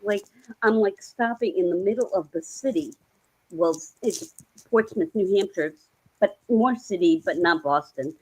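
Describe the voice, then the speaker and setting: A woman on a video call, chatting casually and telling rambling, animated stories. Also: mid-range voice, a little slow, slightly rough, low-quality recording. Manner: rambling, animated storytelling with laughs. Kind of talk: casual chat.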